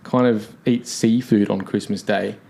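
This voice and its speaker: A man's voice: fairly low pitch, steady tone, measured pace, creaky, mellow. Australian man, playful guest on a chat show, easy banter. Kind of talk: casual podcast chat.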